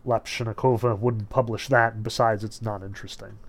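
A man reading aloud the subdued, low lines of a broken, weary male writer. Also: steady tone, fairly quick.

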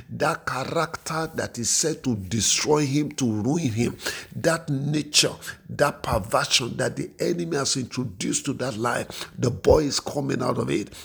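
A man delivers a fervent sermon and prayer, stacking repeated phrases and restarting lines as he presses on. His voice is gravelly and deeply husky, sitting at an ordinary middle pitch. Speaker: pastor.

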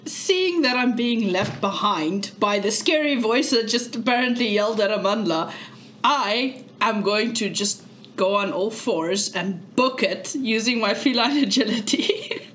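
A woman playing a tabletop game, talking in a giggly, animated way. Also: a little high, a little slow, slight background noise. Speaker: player. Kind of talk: casual tabletop game chat.

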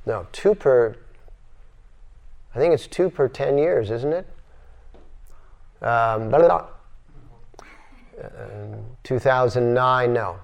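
An older man giving a spiritual lecture to a class in a yoga center, animated and acting out voices as he repeats his phrases. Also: mid-range voice, slow, gravelly, pauses often.

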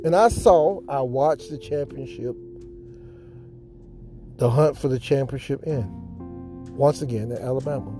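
A man's voice: mid-range voice, measured pace, pauses often, mellow, soft background music. A man hosting a podcast, telling an emotional sports fan story in a dramatic, repetitive and heartfelt way. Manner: earnest, heartfelt. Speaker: podcast host.

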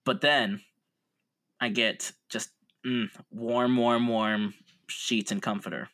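A man co-hosting a casual podcast chat, relaxed and musing, laughing easily. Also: medium pitch, slow pace. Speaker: podcast co-host.

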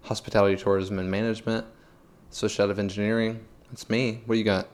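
A man in his twenties hosting a casual chat podcast with a friend, joking and teasing, quick to cut in. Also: fairly low pitch, flat delivery. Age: 20s. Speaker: podcast host.

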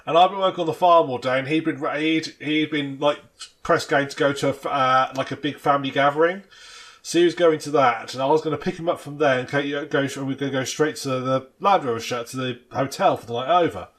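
A man's voice: medium pitch, quick pace, fairly bright tone. A man, co-hosting a casual podcast chat and rambling through self-mocking stories. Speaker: podcast co-host. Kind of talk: casual banter.

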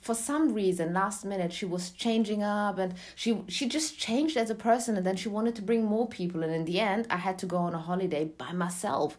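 A young woman being interviewed, telling a personal story in a lively, chatty way and laughing often. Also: medium pitch, brisk, hardly any pauses. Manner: animated, laughs often, acts out quotes. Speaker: interview guest. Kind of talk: casual storytelling in conversation.

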